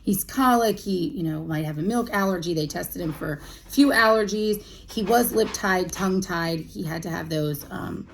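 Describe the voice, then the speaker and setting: Woman, 30s, vlogger, candid and emotional, low voice, halting delivery. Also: creaky, slight background noise, rough recording. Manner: halting, full of ums and restarts, emotional. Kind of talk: candid personal chat to camera.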